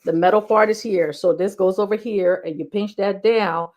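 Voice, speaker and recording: A woman health educator talking fast and casually to camera, repeating key points with lots of fillers. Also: medium pitch, fairly even intonation, a little mellow, lo-fi sound. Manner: talks fast.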